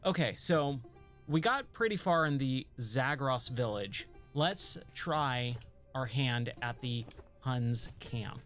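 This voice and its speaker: A man's voice: medium pitch, animated, slow pace, fairly bright tone, soft background music. A man streaming a video game, chatting and joking to himself and his viewers as he plays. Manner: chatty, joking, talks to himself while playing. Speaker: gaming streamer. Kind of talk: casual let's-play commentary.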